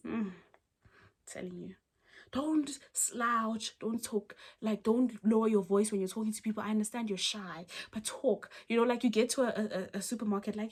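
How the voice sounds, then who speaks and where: A young woman from South Africa giving casual advice to the camera, emphatic and animated, full of rhetorical questions and restarts. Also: medium pitch, moderate pace, breathy edge. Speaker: advice vlogger.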